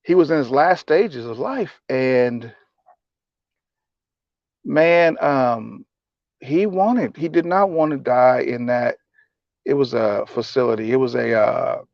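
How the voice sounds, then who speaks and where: A man speaking softly and haltingly as he shares personal memories in a reflective talk, emotional and tearful at times. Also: medium pitch, creaky, no echo, lo-fi sound. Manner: soft-spoken, halting, emotional. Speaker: advocate sharing personal memories. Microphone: personal mic.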